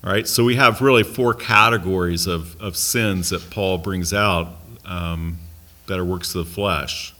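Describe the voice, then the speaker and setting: A man's voice: sits low, steady tone, a little slow, pushed and bright. An American man leading a Bible study class in a conversational way, asking the group questions and making light asides. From United States.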